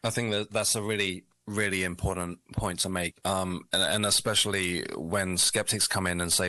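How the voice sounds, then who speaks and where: A man's voice: deep voice, fairly even intonation, moderate pace, hardly any pauses, bright, forceful tone, no room sound. A British man, an author and guest on a radio show, talking in a reflective, rambling way with self-deprecating asides. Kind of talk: radio interview.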